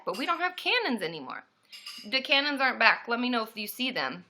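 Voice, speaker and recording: A woman therapist hosting a casual live stream from a room at home, greeting viewers by name and breaking into loud cheers. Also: on the high side, big pitch swings, fast, a little hiss or hum.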